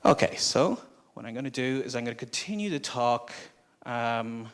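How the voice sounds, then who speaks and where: In a conference room, a man presents live to an audience, speaking into a microphone in a conversational, explanatory way. His medium-pitched voice is a bit bright, with lively intonation and a normal speed.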